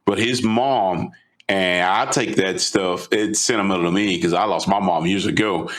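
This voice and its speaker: A man co-hosting a podcast, retelling a story in an animated, casual way. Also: sits low, moderate pace. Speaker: podcast co-host.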